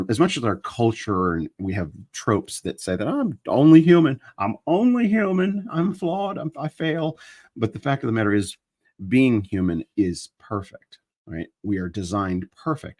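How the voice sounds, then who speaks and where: A man with a low, husky voice holds forth on a live stream, wandering from one thought to the next and restarting his sentences. He holds his own microphone. The sound is dry and close, with no room around it. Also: a little mellow, dry recording. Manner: meandering, self-interrupting, restarts sentences. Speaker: host of a live chat stream. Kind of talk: rambling casual monologue. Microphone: handheld microphone he moves around.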